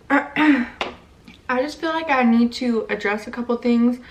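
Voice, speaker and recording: A woman's voice: on the high side, slow, slight background noise. Blunt, sassy young woman, slightly distant mic. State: pregnant. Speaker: beauty vlogger. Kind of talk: casual makeup tutorial and rant.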